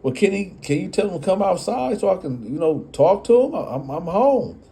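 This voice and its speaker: A man's voice: high-pitched, very animated, moderate pace, gravelly, dark tone, a little hiss or hum, pitched above the performer's own voice, exaggerated voice. A man voicing a hot-headed man fresh out of prison who stammers when agitated. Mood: pleading.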